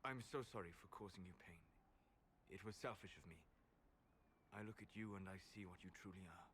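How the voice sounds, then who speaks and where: A man voicing a calm, soft-spoken male elf mage in video game dialogue, gentle and quiet. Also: low-pitched, moderate pace, slight background noise. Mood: tender regret.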